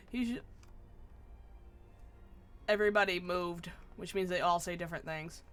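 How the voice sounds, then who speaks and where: A woman's voice: fairly low pitch, fairly even intonation, moderate pace, pauses often, fairly bright tone, soft background music. A woman streamer giving casual commentary while she plays, in a wry way that swears offhandedly and interrupts herself.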